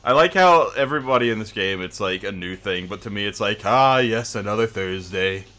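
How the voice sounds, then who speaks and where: A man's voice: fairly low pitch, lively intonation, fast talker, sharp tone. A man streaming a game, chatting casually and joking, often breaking off mid-sentence. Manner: laid-back, joking, trails off mid-sentence. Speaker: streamer playing a visual novel. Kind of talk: casual live-stream chat.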